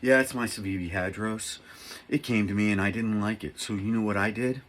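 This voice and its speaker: A middle-aged man talking casually to camera as a knife reviewer, rambling and excitable, poking fun at himself. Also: fairly low pitch, brisk, slight background noise. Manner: rambling, excitable, self-mocking.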